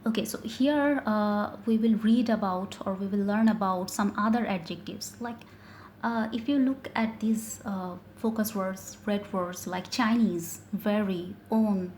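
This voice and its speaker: A woman teaches a grammar lesson online, talking through each point slowly and correcting herself often. Her voice has a middle pitch and sounds roomy. There is a faint hiss behind her. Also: steady tone, darkish tone. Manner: explains step by step with many fillers and self-corrections. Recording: echoey room with faint noise.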